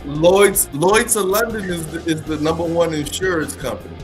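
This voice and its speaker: A man's voice: fairly high pitch, moderate pace, soft background music. A man on a call-in panel with a wry, scoffing and profane way of talking, on a remote call. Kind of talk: casual call-in panel debate.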